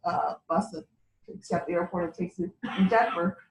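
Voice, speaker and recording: A woman's voice: lowish voice, fairly quick, gravelly. A woman beauty consultant telling chatty stories at a sales meeting and laughing as she talks. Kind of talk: casual story-sharing at a sales meeting. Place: meeting room. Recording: echoey room, distant mic, faint background hum.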